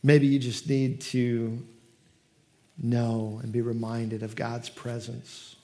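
A man preaching a sermon as pastor at a church service, telling stories with lively quoted voices. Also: medium pitch, slow. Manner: animated storytelling, acts out quoted voices.

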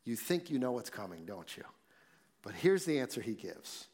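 A man's voice: medium pitch, sing-song, darkish tone, husky. Male pastor preaching in a reverberant hall. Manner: reads scripture slowly, then explains it conversationally. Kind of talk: sermon. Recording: long reverb in a large hall.

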